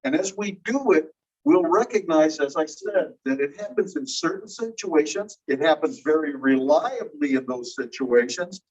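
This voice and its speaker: A man lectures a class in an explanatory way, pausing to put questions to the students. His voice sits a little high for a man. He is heard from away from the microphone, and the recording sounds dull. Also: husky. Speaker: teacher. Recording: distant, dull room recording.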